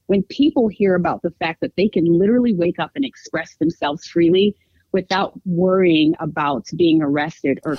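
A woman's voice: lowish voice, no echo, dull audio. Upbeat woman guest, dry close sound. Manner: upbeat, laughs often, earnest when explaining views. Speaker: congressional candidate guest. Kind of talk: casual podcast conversation.

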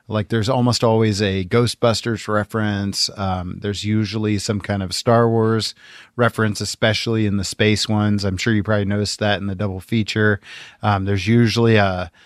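A man co-hosting a podcast, talking about movies in a relaxed way with frequent fillers. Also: on the low side, normal speed, dry recording, clean studio sound. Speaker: podcast co-host. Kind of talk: casual movie discussion.

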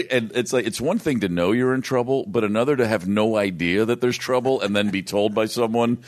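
A man's voice: lowish voice, fairly quick. A man, a touring musician, telling a long story in casual chat, with restarts and laughs. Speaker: guest musician.

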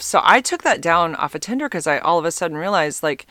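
A woman's voice: lowish voice, animated, fairly quick, few pauses, a bit bright, dry recording, clean studio sound. A woman in her forties telling a rambling dating story in a casual vlog, full of fillers and asides. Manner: chatty, rambling, lots of fillers and self-interruptions. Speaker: vlogger.

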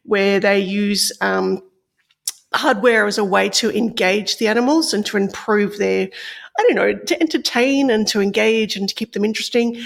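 An Australian woman talking in a loose, chatty way, thinking aloud as she explains a tech story. Her voice has a strong vocal fry running through it. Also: medium pitch, normal speed. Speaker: podcast co-host, tech reporter. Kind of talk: casual podcast chat.

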